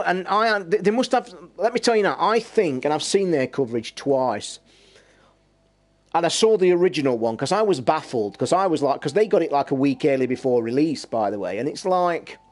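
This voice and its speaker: A middle-aged man with an East Midlands accent, chatting casually on a live stream, blunt and sweary and quick to anger. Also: fairly high pitch, animated. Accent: East Midlands English. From England.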